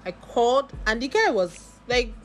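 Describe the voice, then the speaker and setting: A woman's voice: fairly high pitch, sing-song, measured pace, slight background noise. A woman with a Nigerian accent, telling a long story in a casual vlog and full of asides and acted-out dialogue. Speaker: vlogger.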